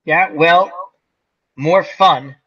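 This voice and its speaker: A man's voice: a little high, very slow, bright, forceful tone, breathy edge, dull audio. A man in his forties hosting a casual chat, telling stories animatedly and acting out voices. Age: 40s. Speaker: host.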